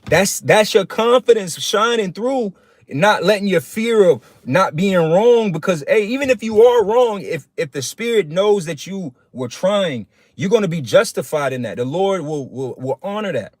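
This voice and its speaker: A man's voice: sits high, lively intonation, normal speed, no echo, clean studio sound. A man giving a casual sermon on a livestream, preaching in plain street talk and calling his listeners "man".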